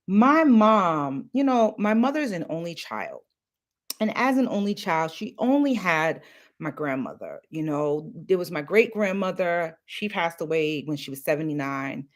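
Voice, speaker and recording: A woman's voice: fairly low pitch, very animated, measured pace. A middle-aged woman chatting casually through a hair tutorial, confiding and full of fillers, recorded on a phone. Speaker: natural hair vlogger.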